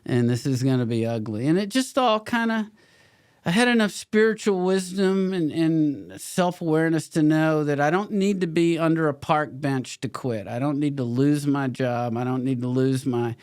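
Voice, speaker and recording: A man's voice: a little high, moderate pace, clear, resonant tone, dry recording, studio quality. A middle-aged man, a podcast guest and actor, telling his story candidly, swearing freely and laughing between stories.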